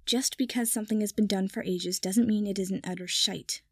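A woman's voice: mid-range voice, steady tone, moderate pace, husky, no echo, clean studio sound. A woman voicing a sour, curt young nobleman who speaks in clipped lines.

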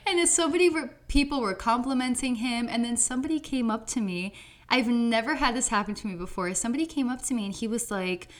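A young woman co-hosting a podcast, telling animated stories in casual chat and acting out quotes. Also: fast. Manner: animated storytelling, acts out quotes in a high voice. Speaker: podcast co-host.

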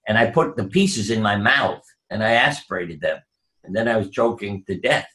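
A man's voice: lowish voice, expressive, normal speed, pushed and bright. An older man recounts personal stories as an interview guest. He slips into the voices of the people he quotes. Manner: anecdotal, acts out quoted voices. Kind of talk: storytelling interview.

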